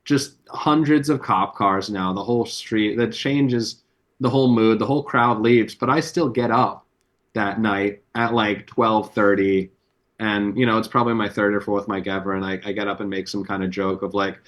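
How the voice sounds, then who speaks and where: A comedian on a podcast, telling rambling, profane anecdotes with plenty of fillers. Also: male voice, on the low side, steady tone, normal speed. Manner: loose, profane storytelling with many fillers. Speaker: comedian guest.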